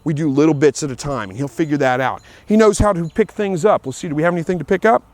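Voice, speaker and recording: A man's voice: on the high side, fast talker, a little mellow. Easygoing man explaining dog training. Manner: plain, easygoing, repeats himself, calls out commands to his dog. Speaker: dog owner giving training tips. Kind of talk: casual outdoor vlog talk. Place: outdoors in a field.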